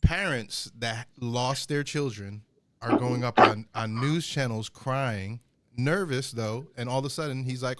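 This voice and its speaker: A man's voice: mid-range voice, a little slow, a bit bright, no room sound. A man co-hosting a podcast, telling rambling stories in casual chat with many restarts. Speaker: podcast co-host.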